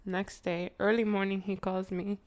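A woman's voice: medium pitch, flat delivery, moderate pace, a little mellow. A woman vlogger telling a candid, slangy story to her viewers, laughing often and wandering off on side remarks. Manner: chatty, digresses, addresses viewers.

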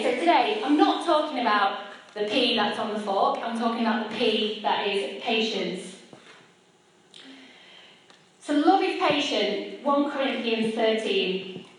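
A woman's voice: a little high, slight background noise. A woman in her thirties giving a personal faith talk at a church gathering, chatty and self-deprecating as she speaks straight to her audience. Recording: echoey hall picked up from a distance.

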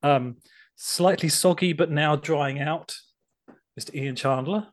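A man's voice: fairly high pitch, takes it slowly. Chatty podcast co-host, man. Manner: chatty, banter-heavy, self-interrupting. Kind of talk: casual chat.

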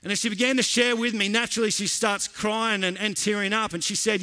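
Man, pastor, high bright voice, earnest sermon delivery that swells with passion. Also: level tone, a little fast, few pauses. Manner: earnest storytelling, building to impassioned emphasis. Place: church auditorium, preaching live to a congregation.

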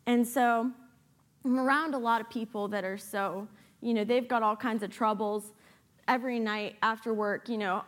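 A woman with a high voice preaches a sermon with lots of energy. She moves between earnest urging and playful, sarcastic asides. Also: steady tone, normal speed. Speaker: guest preacher.

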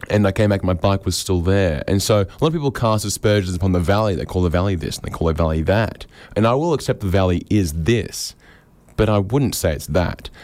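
A man with an Australian accent doing a rambling stand-up monologue, wry, often jumping into high-pitched voices for the people in his stories. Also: darkish tone, no room sound. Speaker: comedian.

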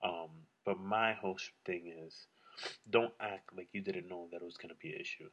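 A man vents on his own to camera in a loose, rambling monologue. His voice sits low with a husky edge, and his manner stays blunt and heavy on swearing. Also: steady tone, normal speed, a bit bright, dull audio. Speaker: solo vlogger. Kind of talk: casual solo rant.

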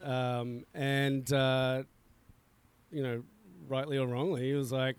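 A middle-aged man with a smooth, clean voice chats easily as a guest on an outdoor podcast. He rambles in a relaxed way, dropping fillers and chuckling often. His pitch sits at an ordinary middle height. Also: slow pace, dry recording. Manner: laid-back, chuckling, many fillers. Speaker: coffee roaster guest. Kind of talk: casual podcast chat.

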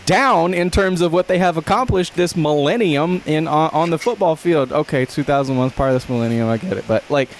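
A man's voice: a little high, brisk, hardly any pauses. Laughing, joking man with faint hiss. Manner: joking, laughs often, riffs in mock-dramatic voice. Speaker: podcast co-host. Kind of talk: casual comedic chat.

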